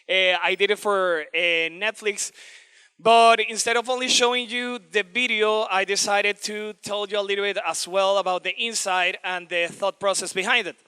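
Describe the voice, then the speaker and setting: Bright-voiced man presenting. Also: sits high, smooth. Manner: casual, enthusiastic, with filler "eh". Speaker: creative director giving a talk. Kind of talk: presentation to students.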